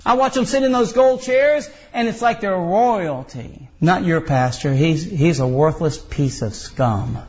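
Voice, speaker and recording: A man's voice: high-pitched, unhurried, few pauses, a little mellow, lo-fi sound. A man preaching a folksy, emphatic sermon as pastor.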